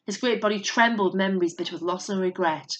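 A woman narrating a story in a steady, measured voice. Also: mid-range voice, highs cut off, slight background noise.

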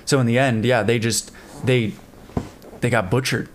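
A man co-hosting a casual history podcast, relaxed and chatty, adding facts with the odd swear word. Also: medium pitch, moderate pace. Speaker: podcast co-host.

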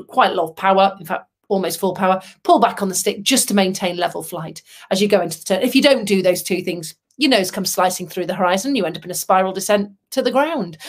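A middle-aged woman, giving a motivational talk as a humorous storyteller with dry asides. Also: mid-range voice. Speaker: motivational speaker.

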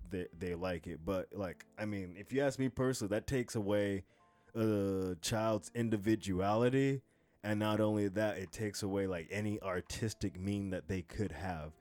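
A man's voice: low-pitched, a little mellow. A young man co-hosting a casual podcast, talking in a rambling, profane way with lots of restarts. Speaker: podcast co-host.

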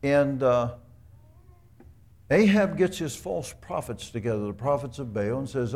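A man's voice: mid-range voice, unhurried, long pauses, a little mellow. A man preaching a sermon in a conversational, storytelling way, asking the congregation rhetorical questions. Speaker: pastor.

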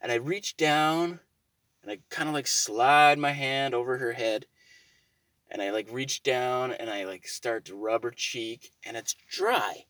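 A man with a mid-range voice speaks a little slowly in a dry recording, casually telling a rambling story. He swears freely and gets loud and exasperated as he goes.

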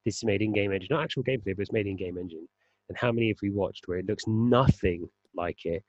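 Guy making his case calmly, lowish voice, dull dry sound. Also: no room sound. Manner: measured, arguing a point calmly. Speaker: podcast co-host. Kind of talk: casual chat.

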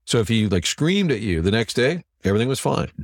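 A man's voice: medium pitch, fairly quick, no room sound, studio quality. A middle-aged man, a TV sports director, telling stories as a guest in a casual interview and acting out what others said. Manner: animated anecdote teller who acts out quotes.

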